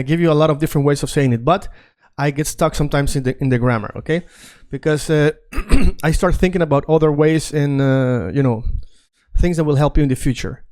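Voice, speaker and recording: A man's voice: fairly high pitch, a little mellow. Chatty male teacher. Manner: chatty, digresses, repeats phrases while writing on screen. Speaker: Spanish teacher. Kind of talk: casual online language lesson.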